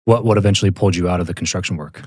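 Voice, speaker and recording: A man's voice: sits low, steady tone, racing, breathy edge, dry recording, studio quality. A man hosting a podcast, chiming in with brief, reactive interjections during a casual interview. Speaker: podcast host.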